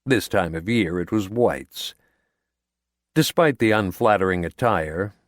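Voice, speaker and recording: Man reading an audiobook slow and steady, lowish voice, dry booth sound. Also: no room sound. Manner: measured, steady storytelling. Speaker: audiobook narrator. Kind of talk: scripted narration.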